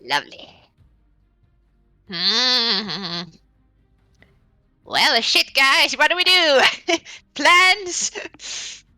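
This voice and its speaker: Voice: high-pitched, lively intonation, very slow, pauses often, sharp tone, no room sound, studio quality, faint music behind. A player in a tabletop game who laughs a lot and sounds unsure of what to do. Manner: giggly and unsure.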